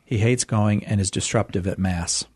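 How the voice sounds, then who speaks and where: Hesitant lower-voiced man hosting radio. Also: normal speed, breathy edge. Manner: hesitant, many fillers, rises in pitch when animated. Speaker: radio host. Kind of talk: casual radio chat.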